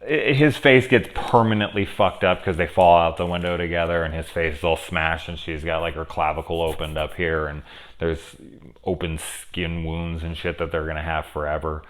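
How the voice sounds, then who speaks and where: A low-voiced man talks through a horror episode in a loose, rambling way at home, close to his camera. He swears freely and slips into the characters' lines as he retells scenes. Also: steady tone, normal speed. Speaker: horror TV reviewer. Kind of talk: casual spoken episode review. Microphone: camera mic very close.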